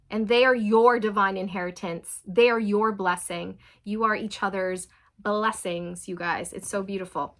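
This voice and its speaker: A woman giving a channeled tarot reading to viewers, talking in a repetitive way with frequent "okay" and laughter. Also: on the high side. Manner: warm, repetitive, addresses viewers as you guys; often laughs and says okay. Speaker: tarot reader.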